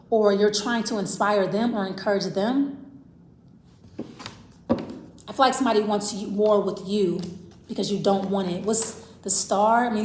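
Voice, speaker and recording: A woman's voice: medium pitch, darkish tone, slight background noise. Rambling woman tarot reader, roomy echo. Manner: rambling, repeats "I feel like", talks straight to the viewer. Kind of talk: casual tarot reading to camera.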